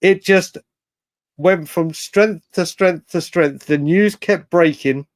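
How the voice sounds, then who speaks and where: An excitable man hosts a late-night live fan stream, rambling from one thought to the next. His voice sits fairly high. The sound is dry and close to the mic. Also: slow, no echo. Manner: excitable, rambling, talks to chat by name. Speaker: fan channel host.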